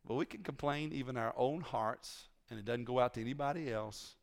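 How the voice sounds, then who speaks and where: A man's voice: mid-range voice, a little fast, vocal fry. A male preacher giving a conversational sermon in a church, teasing his congregation and asking them questions.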